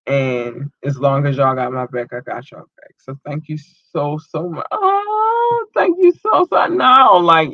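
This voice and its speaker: A man hosting a podcast, giving casual shout-outs to his listeners and talking in a loose, emotional way with a lot of swearing. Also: mid-range voice, dry recording, dull audio. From United States. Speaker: podcast host.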